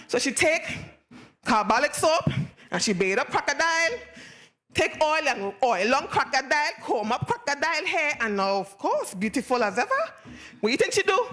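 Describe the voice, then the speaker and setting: A woman with a Virgin Islands Creole accent telling a folktale aloud in a lively, call-and-response way. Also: sits high, moderate pace. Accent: Virgin Islands Creole English. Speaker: storyteller.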